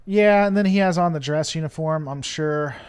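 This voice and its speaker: Rambling joking man, slightly high voice. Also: normal speed, smooth. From United States. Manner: rambling, filler-heavy, joking. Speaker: channel host. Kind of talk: casual live-stream commentary.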